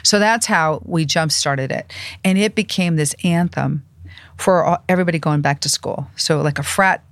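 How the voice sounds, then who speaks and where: An older woman in a podcast interview, telling industry stories in a lively way and acting out what others said. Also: sits low, normal speed, dry recording. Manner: animated anecdotes, acts out quoted voices. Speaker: music industry publicist and manager, guest. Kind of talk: storytelling interview.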